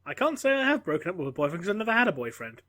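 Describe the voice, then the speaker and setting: A man co-hosting a casual podcast chat, joking and quick to cite dates and facts. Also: high-pitched, big pitch swings, sharp tone. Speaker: podcast co-host.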